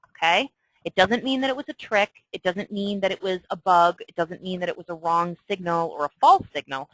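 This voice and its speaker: Woman, trading instructor, lowish pitch, dry close sound, emphatic. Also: a little fast, dry recording, rough recording. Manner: chatty, emphatic, often asks "okay?". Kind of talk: screen-share trading tutorial.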